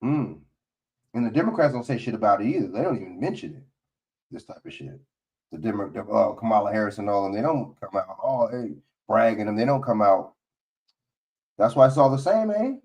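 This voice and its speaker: A man's voice: fairly low pitch, animated, brisk, a little mellow. A man hosting a livestream, giving blunt, profane, casual political commentary and often asking "you know what I'm saying". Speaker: livestream host. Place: home studio, livestream.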